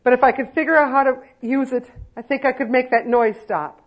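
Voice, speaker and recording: A woman speaker voicing a frail, timid elderly woman who apologizes softly. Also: high-pitched, steady tone, a little fast, voice pushed up. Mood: apologetic. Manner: soft and apologetic.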